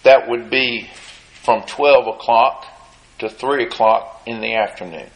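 A man preaching a sermon, retelling a scene dramatically and acting out the crowd's shouts. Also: medium pitch, low-quality recording. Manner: slow, drawn-out delivery with long pauses.

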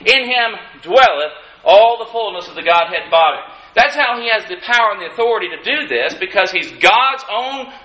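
Pastor, male, high bright voice, folksy sermon style with wry asides, roomy church sound. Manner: folksy preaching with dry humorous asides; rises in emphasis on key lines. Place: church sanctuary. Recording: echoey room. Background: congregation calling out amens.

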